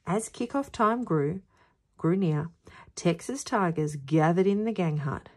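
A woman, who teaches at a school, reading a children's picture book aloud in a lively storytelling voice. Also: on the low side, a little slow. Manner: expressive, sing-song storytelling.

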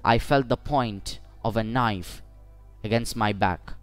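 Measured male audiobook narrator, dry sound. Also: on the low side, clear, resonant tone, no echo, faint music behind. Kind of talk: first-person story narration for English learners.

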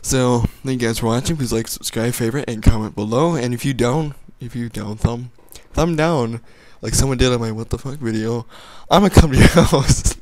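A man's voice: medium pitch, a little fast, hardly any pauses, darkish tone, dry recording. A young man giving casual gameplay commentary, rambling and joking with crude language. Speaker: gaming YouTuber.

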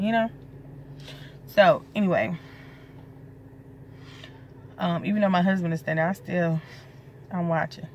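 A woman's voice: medium pitch, normal speed, long pauses, a little hiss or hum. A pregnant young woman, talking casually to her viewers in a loose, rambling way and swearing freely. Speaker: vlogger. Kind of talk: casual chat to camera.

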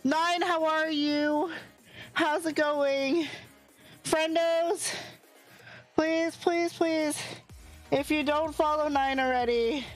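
Breathless, bubbly high-voiced woman streamer. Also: steady tone, extremely slow, long pauses, soft background music. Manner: effusive, bubbly greetings. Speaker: variety streamer. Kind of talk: live stream chat.

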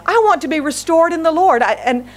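A middle-aged woman pastor preaching a sermon, animated and emphatic, speaking quickly with frequent restarts and repeated phrases. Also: extremely high pitch.

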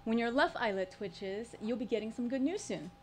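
A woman's voice: fairly high pitch, animated, moderate pace, a little hiss or hum, close to an everyday voice. A woman voicing her superstitious mother on a storytelling stage, speaking with confident, matter-of-fact certainty. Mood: assured. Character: superstitious mother, giddy and sure of herself.

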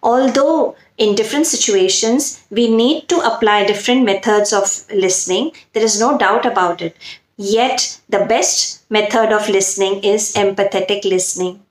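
A woman's voice: mid-range voice, moderate pace, reverberant, low-quality recording. A woman hosting her own channel, earnestly explaining and stressing words for emphasis. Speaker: channel host and self-help speaker. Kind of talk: explaining to camera.

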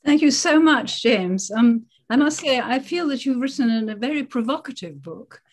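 A woman's voice: fairly high pitch, animated, normal speed. Articulate woman discussing a book. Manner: articulate, searching, self-correcting. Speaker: panel discussant. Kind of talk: literary discussion.

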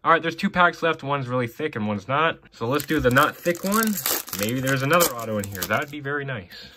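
A man's voice: mid-range voice, expressive, fairly quick, noisy background. A man casually opening hockey card packs, reading player names off in a running list with offhand asides. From Canada. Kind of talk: casual box-break commentary.

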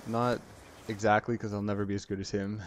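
A man giving casual, rambling gameplay commentary, excitably retelling his moments in the match. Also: on the low side, brisk. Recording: noisy game audio underneath. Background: game sound effects.

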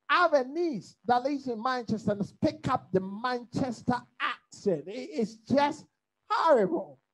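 High-voiced woman preaching a Bible study. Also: low-quality recording. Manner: rhetorical call-and-response questions; lively, humorous, mimics accents.

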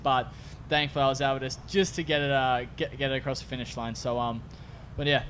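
A man's voice: medium pitch, fairly even intonation, quick pace, hardly any pauses, background noise. A man, a racer at a post-race press conference, telling his race in a casual, rambling way.

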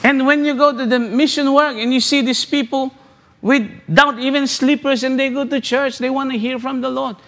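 A man pastor preaching a sermon, repeating phrases and asking rhetorical questions with halting restarts. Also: very high-pitched, steady tone, a bit bright. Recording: long hall reverb.

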